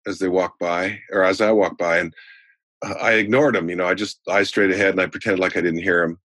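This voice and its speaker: A man in his sixties with a deep voice, a sales trainer appearing as a guest, tells folksy anecdotes conversationally at a fairly quick pace. He gets animated in his stories, and the recording is dry.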